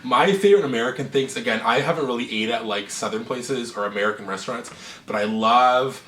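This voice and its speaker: A man's voice: mid-range voice, fairly quick, fairly bright tone, slight background noise. Young male co-host, easygoing and rambling, roomy distant sound. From Canada. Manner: chatty, laughs easily, rambling. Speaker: channel co-host. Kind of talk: casual Q&A chat. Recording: roomy echo, mic at a distance.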